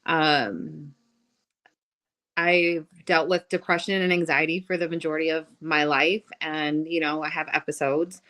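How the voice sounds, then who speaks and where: Low-voiced woman guest, hesitant. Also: flat delivery, a little slow, a bit bright. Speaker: podcast guest. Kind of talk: casual chat.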